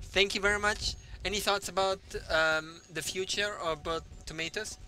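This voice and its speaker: A man's voice: sits high, steady tone, moderate pace, pushed and bright. A man hosting a playful street interview, upbeat and laughing often as he asks short, prompting questions. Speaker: talk show host.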